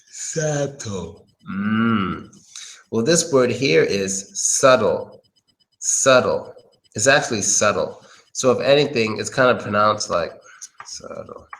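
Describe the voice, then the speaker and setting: A man's voice: on the low side, fairly bright tone, low-quality recording. A man giving a casual pronunciation lesson, thinking aloud and often hesitating. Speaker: English pronunciation tutor.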